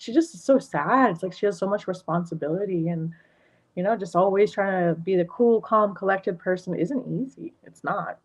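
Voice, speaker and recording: A woman giving a livestreamed energy and tarot reading, rambling with many fillers and restarts. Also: lowish voice. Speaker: energy healer and tarot reader. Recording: lo-fi muffled stream audio.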